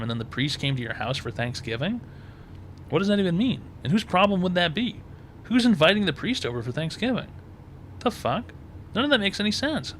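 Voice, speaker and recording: A man hosts a call-in advice show in a blunt, crude rant, repeating his points over and over. His voice is bright and forceful. A faint ambient hum sits behind him. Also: fairly high pitch. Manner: crude, emphatic, repeats himself.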